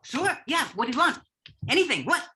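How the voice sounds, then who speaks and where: A chatty pug dog with a bright, sharp edge to its voice, as a woman plays it in a staged reading. He is touchy about his breed and eager to please. The talk has a slightly high pitch. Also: sing-song, brisk, slight background noise, exaggerated voice. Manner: indignant, eager to help.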